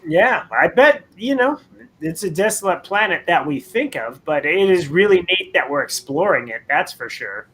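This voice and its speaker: A man's voice: fairly high pitch, sing-song, normal speed, a bit bright, slightly rough. A man co-hosting a radio show in casual banter, joking and slipping into put-on voices. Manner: jokey, slips into silly put-on voices. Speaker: radio co-host. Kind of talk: casual on-air banter with joke bits.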